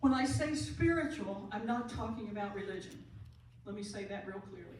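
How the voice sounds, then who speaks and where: A woman's voice: medium pitch, animated, moderate pace. A woman, an end of life doula and pastor, giving an earnest talk to an audience and repeating her key phrases for emphasis. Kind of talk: conference talk to a live audience. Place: large room, speaking to an audience. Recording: very echoey room audio from far off, light hiss.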